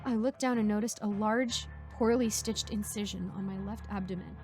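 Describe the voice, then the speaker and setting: A woman narrating a first-person horror story in an even storytelling manner. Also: mid-range voice, moderate pace, few pauses. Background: faint music.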